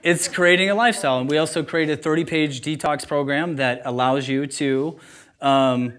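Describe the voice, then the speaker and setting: A man's voice: on the high side, normal speed, fairly bright tone. A man who owns a juice bar, talking informally and with energy to a live audience. He is candid and laughs at himself. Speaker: juice bar owner giving a talk.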